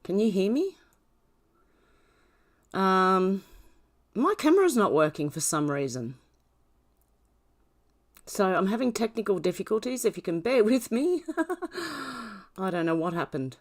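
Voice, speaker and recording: A woman's voice: mid-range voice, sing-song, measured pace, pauses often. A woman hosting a casual livestream, greeting viewers by name in a chatty way with frequent ums and small laughs. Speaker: livestream host.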